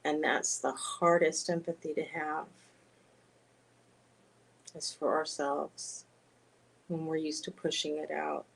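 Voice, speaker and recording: Soft-spoken woman chatting on a live stream. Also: low voice, level tone, slow pace, creaky, pauses often, low-quality recording. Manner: soft-spoken, gentle, laughs often. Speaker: oracle card reader and spiritual guide. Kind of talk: casual live-stream chat.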